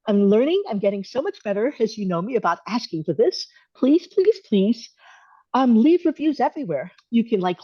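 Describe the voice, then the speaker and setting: A woman hosting a live Q and A on a video call, answering questions in a thoughtful, measured, gently encouraging way. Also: mid-range voice, no room sound, highs cut off. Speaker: host answering viewer questions. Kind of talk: live Q and A coaching.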